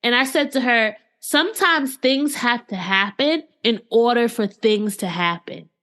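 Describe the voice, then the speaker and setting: A woman hosts a conversational interview in a fairly high voice. She asks probing questions and checks in with "right?" as she talks. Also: unhurried, a bit bright. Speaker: podcast host.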